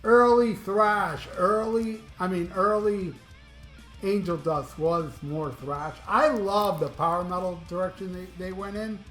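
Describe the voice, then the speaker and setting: Middle-aged guy from Florida, pitched high, loose and rambling, swears a lot; echoey room, faint music underneath. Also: measured pace, a bit bright. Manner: rambling, enthusiastic, swears freely. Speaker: music vlogger. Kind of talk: casual chat.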